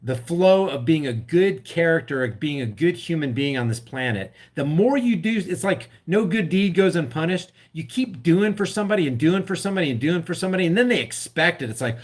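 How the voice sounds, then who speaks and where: A middle-aged man rants through political commentary, his voice sitting notably high for a man. He talks with fired-up passion and keeps slipping into mocking impressions of scared people. Between rants he reads out viewer comments in a chatty way. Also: lively intonation, a little fast, hardly any pauses. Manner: impassioned ranting, acts out scared voices. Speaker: political vlogger reacting to a clip. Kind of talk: live-stream commentary reading comments.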